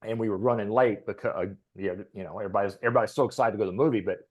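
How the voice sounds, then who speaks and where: A man's voice: fairly low pitch, very fast. Rambling middle-aged man telling a story. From Texas, USA. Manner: rambling, with fillers and soft laughs. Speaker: podcast guest, author. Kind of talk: casual storytelling.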